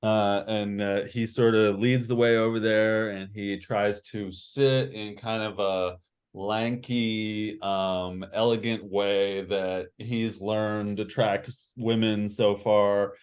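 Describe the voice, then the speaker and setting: A man's voice: on the low side, little pitch movement, takes it slowly, clear, resonant tone. A man narrating as game master in a tabletop game, meandering and full of fillers.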